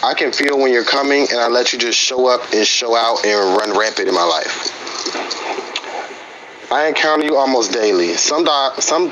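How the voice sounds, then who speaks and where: The audio is lo-fi, with a clear hiss underneath, as a man with a middling-pitched voice talks on his phone in a live-stream group session. Hesitant and full of fillers and restarts, he chats casually and reads a personal letter aloud.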